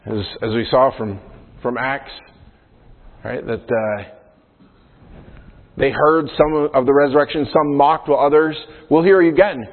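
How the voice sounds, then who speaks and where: This pastor speaks in a mid-range voice at a measured pace, leaving long pauses. His sermon stays conversational as he unpacks Scripture, regularly adding "right?", and the recording has a phone-like sound in a hall with long reverb.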